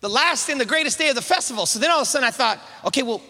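High bright guy preaching a sermon, echoey big hall, pushes the crowd to repeat after him. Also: racing. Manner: energetic call-and-response preaching, repeated restarts. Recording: reverberant hall sound.

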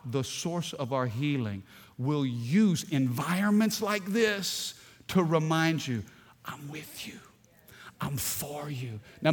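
A male pastor preaching a sermon, animated and emphatic, often rising in force. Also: fairly high pitch, big-room sound.

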